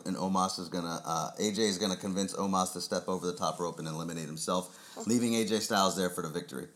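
Chill guy hosting a chat show, kinda low voice, rambles a bit. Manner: laid-back, rambling predictions. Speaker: podcast host. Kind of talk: casual chat.

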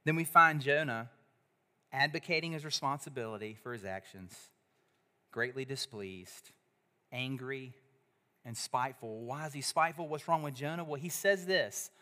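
Bright-voiced male preacher. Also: medium pitch, moderate pace. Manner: animated, leads congregation in call-and-response. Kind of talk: sermon. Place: church service.

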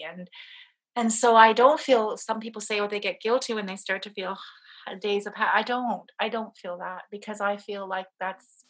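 A woman with a medium-pitched, brisk, slightly bright voice and a breathy edge appears as an interview guest. She tells a personal story with strong emotion, laughing often as she goes.

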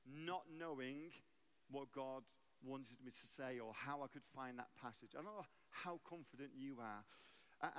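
An English-raised man preaching as a guest speaker in a church. His voice sits a little high and he tells stories with a light, humorous touch. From England. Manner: storytelling, lively and humorous. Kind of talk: sermon.

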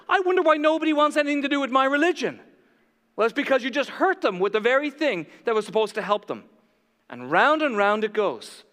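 Animated high-voiced male preacher, hall reverb. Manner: animated, acts out voices of critics, swings between loud and hushed. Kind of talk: sermon.

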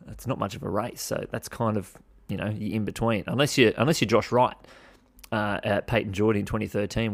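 A man's voice: on the low side, vocal fry. A young Australian man hosting a podcast, talking casually and bluntly, swearing freely with mock exasperation. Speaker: podcast host. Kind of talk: casual solo commentary.

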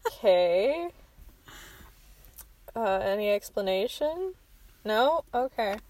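A woman's voice: mid-range voice, expressive, slow pace, a little mellow, dry recording. A woman co-hosting a casual late-night podcast, laughing often, swearing freely and making fun of herself. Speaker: podcast co-host. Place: outdoors at night.

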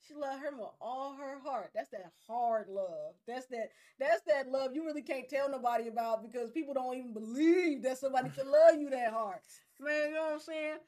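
A young woman co-hosting a casual podcast chat, animated and laughing, telling stories with plenty of swearing. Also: high-pitched, a little fast. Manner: animated, laughing, profane storytelling. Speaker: podcast co-host.

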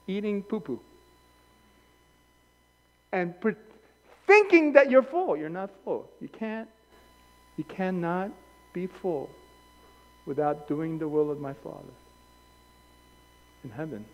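High-voiced male pastor in a reverberant hall. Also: takes it slowly, long pauses, dull audio. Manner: animated, acts out quoted voices; rambling anecdotes with self-corrections. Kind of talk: sermon. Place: church hall.

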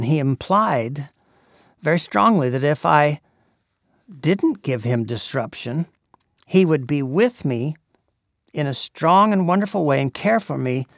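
Gravelly-voiced preacher man, dry sound. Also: mid-range voice, no room sound. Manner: earnest, measured, with frequent "uh" pauses. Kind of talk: sermon.

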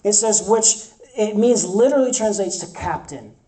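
Mellow-voiced preacher in an echoey room. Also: medium pitch, animated, normal speed, distant mic. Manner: emphatic, repeats phrases for effect. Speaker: campus ministry preacher. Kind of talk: sermon.

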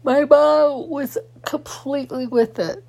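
A middle-aged woman talking casually and haltingly to her camera late at night, grieving and rambling with many fillers and restarts. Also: high voice, fairly even intonation, vocal fry, a little mellow. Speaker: vlogger. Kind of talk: casual personal talk to camera.

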